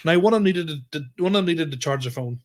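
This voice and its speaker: A young Northern Irish man hosting a podcast, telling a story in lively casual chat. He swears freely and acts out the back-and-forth in quotes. His voice sits a touch high. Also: rapid-fire. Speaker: podcast host.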